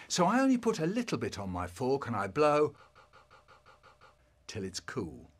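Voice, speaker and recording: A man telling a comic story in an animated, theatrical way. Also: fairly high pitch, moderate pace, long pauses.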